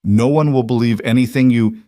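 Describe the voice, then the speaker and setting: A man voicing a corrupt male mayor who rushes his words as panic rises, in a dry recording. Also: medium pitch, warm tone, no echo, natural voice. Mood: panicked.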